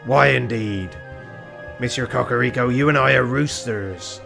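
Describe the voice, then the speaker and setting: A man voicing a stern male rooster police inspector with a pirate voice, speaking slowly and gravely. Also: medium pitch, a bit bright, faint music behind.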